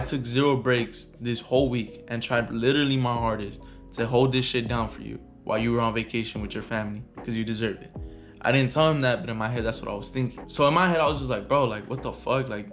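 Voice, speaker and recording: A man's voice: medium pitch, steady tone, fairly quick, a bit bright, faint music behind. A young man vlogging a heated, profane storytime rant in casual slang.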